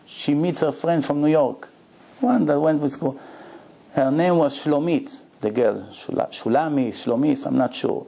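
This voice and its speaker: A rabbi tells a long story with a gravelly, mellow voice, acting out every exchange as he goes. His English is broken, and he drives the tale forward in the rhythm of a lecture. His tone stays steady and unhurried throughout. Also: mid-range voice. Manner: animated storyteller acting out dialogue; broken, non-native-sounding English grammar.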